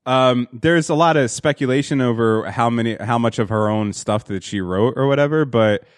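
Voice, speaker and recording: A man's voice: medium pitch, normal speed, smooth, no echo, studio quality. A man hosting a podcast, telling a profane, rambling story in a casual way with lots of fillers and restarts. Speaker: podcast host.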